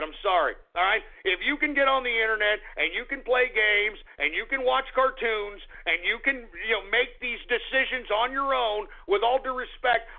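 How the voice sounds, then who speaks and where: A man's voice: high voice, gravelly. A man hosting a radio show, ranting in a combative, repetitive way. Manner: combative, repetitive, talks fast and heated. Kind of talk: call-in radio rant. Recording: tinny phone-like radio audio.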